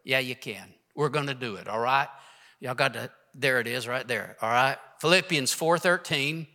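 A man's voice: mid-range voice, normal speed, bright, forceful tone, big-room sound. A pastor in his sixties preaching an emphatic sermon and leading the congregation in reciting verses. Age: 60s. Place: church hall with congregation.

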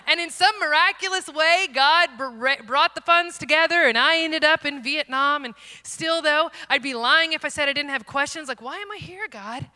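A woman giving an earnest, self-deprecating testimony as a missionary speaker, swinging from loud to hushed. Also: high voice, normal speed, few pauses. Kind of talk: personal testimony sermon. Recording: long hall reverb.

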